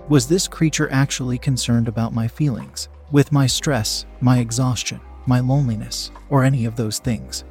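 A man narrating a story in a steady, even reading voice. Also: mid-range voice. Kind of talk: audiobook-style story reading.

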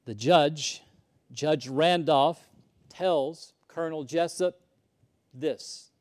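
A man's voice: a little high, slow, a little mellow. A man preaching a sermon, emphatic, rising and falling as he acts out the lines he quotes. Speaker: pastor.

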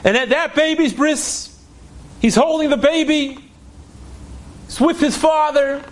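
Very high-voiced male storyteller. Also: measured pace. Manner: emotive, acts out dialogue, repeats phrases. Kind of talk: dramatic inspirational storytelling.

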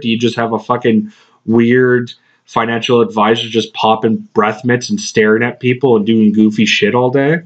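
A man's voice: lowish voice, a bit bright. A man hosting a podcast, telling a rambling workplace story in casual chat, swearing often and laughing between phrases. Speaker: podcast host. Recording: slightly dull lo-fi podcast recording.

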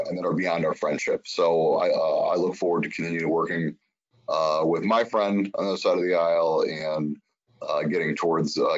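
Very deep-voiced earnest man. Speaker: state senator, guest. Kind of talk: political interview talk. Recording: dull lo-fi sound.

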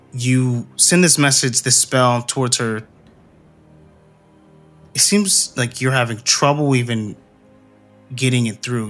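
A man's voice: mid-range voice, a bit bright. A man narrating a tabletop game as game master, hesitant and full of ums and uhs.

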